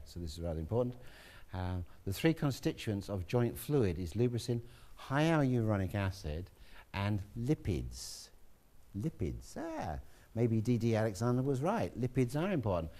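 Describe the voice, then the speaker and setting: A man giving a relaxed, chatty classroom lecture, with asides to students. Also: fairly low pitch.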